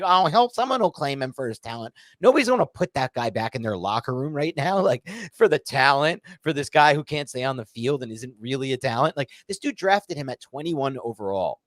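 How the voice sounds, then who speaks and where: Male podcast co-host, stressed, heated rant, very animated pitch, dry close sound. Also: dry recording. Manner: heated, swings from loud outbursts to muttered calm. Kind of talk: casual sports podcast rant.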